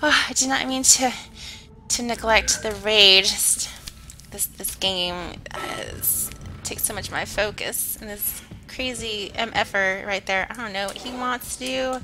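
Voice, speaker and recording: A woman's voice: mid-range voice, measured pace, pushed and bright, soft background music. A woman streaming a horror game, chatting with viewers, swearing and easily startled. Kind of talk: casual live-stream commentary.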